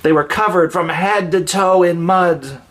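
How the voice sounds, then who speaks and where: Man, storyteller, gentle expressive read-aloud, slightly high voice, children's story. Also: unhurried.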